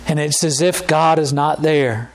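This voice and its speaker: High-voiced man preaching a slow sermon. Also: slight background noise. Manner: reads scripture slowly, then preaches with fervent pleading. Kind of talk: sermon with scripture reading.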